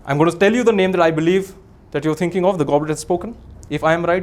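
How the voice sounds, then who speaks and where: A man's voice: on the high side, fast. A young man with an Indian English accent, hosting a live magic act with playful, teasing, theatrical commands on stage before an audience. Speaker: comedian and magician host.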